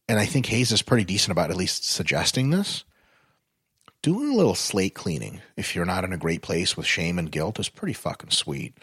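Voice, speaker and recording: Heard close up on a dry recording, this podcast guest has a slightly low, husky voice and chats casually. He speaks bluntly with plenty of swearing, and his animated explanations shoot up in pitch whenever he gets worked up.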